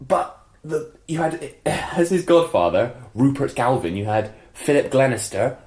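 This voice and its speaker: A man in casual podcast chat, his voice at an ordinary middle pitch. He talks in a chatty way, laughs often and throws in quick asides. The room has a noticeable echo. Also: very animated, a little mellow. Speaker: podcast co-host.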